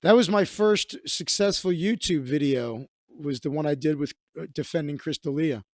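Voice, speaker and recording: A man's voice: on the high side, normal speed, no echo, studio quality. A comedian hosting a livestream, a man telling stories in casual, rambling, profane chat with many restarts.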